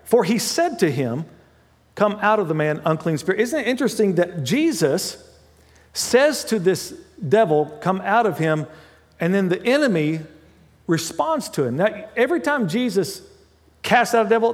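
Animated high-voiced male preacher in a reverberant hall. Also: normal speed. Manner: conversational preaching with asides and self-corrections. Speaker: pastor. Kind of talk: sermon.

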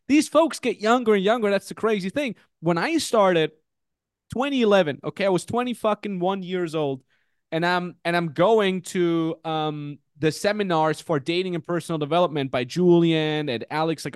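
A man in his thirties hosting a podcast, telling stories in an animated, swear-heavy, casual way. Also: high voice, moderate pace, clear, resonant tone, dry recording, clean studio sound. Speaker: podcast host.

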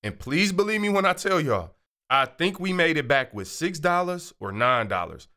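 A man hosting his own show, telling a casual, animated story and acting out the voices of people in it. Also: fairly high pitch, moderate pace. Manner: animated, acts out quoted voices. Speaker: show host.

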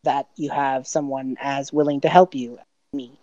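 A woman's voice: rumbling low, fairly even intonation, moderate pace, dark tone, dry recording, highs cut off, pitched below the performer's own voice. Casual: woman doing a tired sarcastic guy, totally done with everyone. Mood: dry. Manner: dry, exasperated asides. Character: weary sardonic man, reluctant helper.

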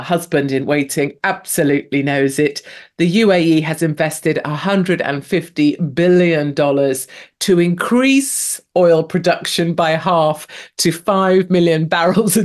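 A woman in her fifties from England, hosting a show with brash, sarcastic, mocking solo commentary. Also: low voice. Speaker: host.

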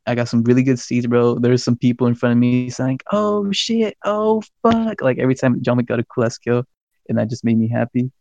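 Young male co-host, animated rambling storyteller with a profane streak; warm-toned, muffled lo-fi mic. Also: mid-range voice, fast talker, no room sound. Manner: rambling, swears a lot, animated retelling. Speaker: podcast co-host. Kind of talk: casual storytelling chat.

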